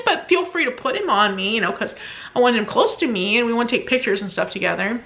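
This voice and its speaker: Chatty woman vlogger, bright higher voice, keeps laughing while she tells it. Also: lively intonation, fairly quick. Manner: chatty, laughs often, acts out her own past lines. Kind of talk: casual storytelling to camera.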